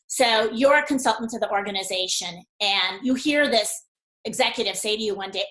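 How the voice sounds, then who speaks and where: Bright animated woman in an echoey room. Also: mid-range voice, brisk. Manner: animated storyteller who acts out dialogue, with frequent laughs. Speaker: consultant and webinar guest. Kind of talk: webinar talk, explaining through a story.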